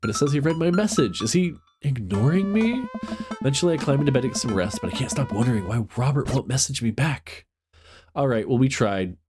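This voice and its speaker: A man's voice: medium pitch, lively intonation, fairly quick, over music. Joking man reading a game aloud. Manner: joking, reads dialogue in playful voices. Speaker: game streamer.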